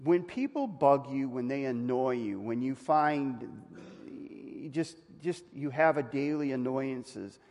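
A male pastor preaching a conversational sermon, asking the congregation questions and rising to loud emphatic peaks. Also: medium pitch, lively intonation, slow, hardly any pauses. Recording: long reverb of a hall.

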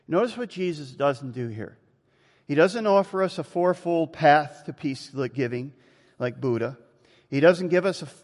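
Animated preacher in a reverberant hall. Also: male voice. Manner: animated storytelling, jumps in pitch. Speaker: pastor. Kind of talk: sermon.

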